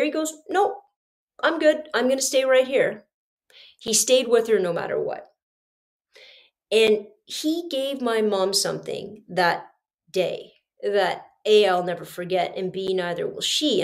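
Woman, middle-aged, podcast host, gravelly fry in the voice, earnest confiding storytelling. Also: mid-range voice, darkish tone. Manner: earnest, confiding, speaks straight to listeners. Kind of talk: personal storytelling monologue.

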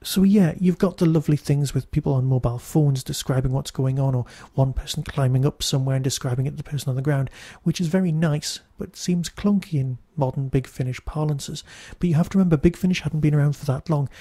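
A man's voice: on the high side, fast, hardly any pauses, dark tone, dry recording. A Newcastle man with a Geordie accent hosting a podcast, reviewing in a chatty, wry, digressive monologue. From Newcastle, England. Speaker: podcast host.

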